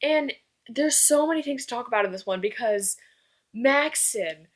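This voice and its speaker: A woman's voice: on the high side, lively intonation, moderate pace. A young woman reviewing a book in casual chat, gushing and rambling as she fangirls.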